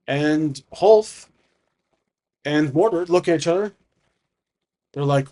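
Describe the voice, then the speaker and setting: A man's voice: on the high side, takes it slowly, long pauses, darkish tone. A man narrating a solo tabletop game casually, thinking aloud with frequent restarts and self-corrections. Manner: casual, conversational. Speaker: solo game master and player.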